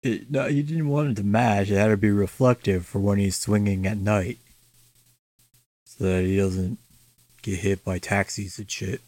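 A man's voice: on the low side, fairly even intonation, moderate pace, a little mellow, no echo. A young man co-hosting a casual chat, swearing freely and making sarcastic jokes. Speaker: podcast co-host.

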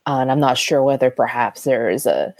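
A woman with a very deep voice speaks as a player in a tabletop role-playing game. She is polite and a little tentative. The recording is dry and close. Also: brisk, darkish tone, no echo.

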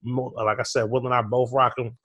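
In a casual chat, a man co-hosting a podcast launches into an animated rant of mock fury. His voice is medium in pitch and fairly quick.

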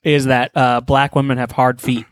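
A man's voice: medium pitch, level tone, normal speed, slight background noise. A man co-hosting a podcast in casual chat, talking crudely with lots of swearing and laughs. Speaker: podcast co-host.

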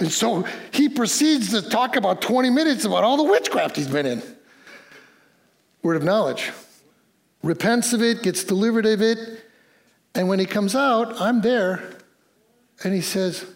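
A man with a fairly high voice preaches in church. He tells the story with lively, acted-out dialogue and a playful energy. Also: normal speed. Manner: animated storytelling with quoted dialogue and laughs. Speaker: pastor. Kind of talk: sermon.

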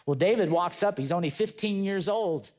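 A male pastor preaching a sermon, retelling a story with lively acted-out voices and chatty asides to his congregation. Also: sits high, normal speed. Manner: animated storytelling, acting out quoted voices.

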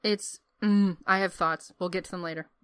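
A woman's voice: on the low side, fairly even intonation, normal speed, a bit bright, clear, resonant tone, no echo. A woman co-hosting a casual chat about a film, adding emphatic, frank comments with some swearing. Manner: emphatic, dry asides with swearing. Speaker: podcast co-host.

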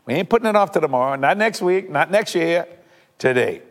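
On a televised sermon, an older man preaches and prays with fervent emphasis, repeating lines and swinging from loud declarations to hushed, earnest asides. His pitch is fairly high and lively, his pace brisk, and the sound fills a big room.

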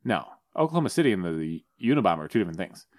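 A man's voice: sits low, big pitch swings, racing. A young man in casual podcast chat, rambling with lots of filler words. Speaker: podcast co-host.

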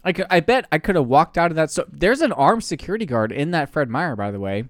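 Telling a story at a quick pace, a young co-host from the Pacific Northwest laughs a lot and swears without restraint on his podcast. His fairly high, sing-song voice comes through in studio quality, with no room sound.

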